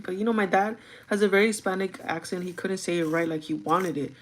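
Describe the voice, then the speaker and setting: A woman's voice: lowish voice, fast, hardly any pauses, slight background noise. A young woman rambles through a personal story for her vlog. She talks casually, drops in plenty of fillers, and slips between languages mid-sentence. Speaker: vlogger. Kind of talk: casual chat.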